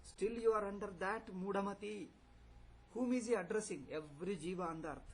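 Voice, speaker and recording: A man's voice: high voice, a little fast, husky, low-quality recording. A man giving a philosophy lecture as a swami, using rhetorical questions and repeating key points. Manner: rhetorical questions, repetition, chuckles. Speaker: swami teaching a scripture class.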